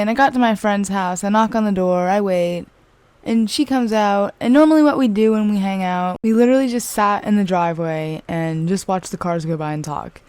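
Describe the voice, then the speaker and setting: A young woman rambles through a personal story in a chatty, animated way, leaning on "like" at every turn. Her voice sits at an ordinary middle pitch. The sound is dry and close, with no room echo. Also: clean tone. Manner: chatty, filler-heavy, animated retelling. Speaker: vlogger. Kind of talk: casual storytelling.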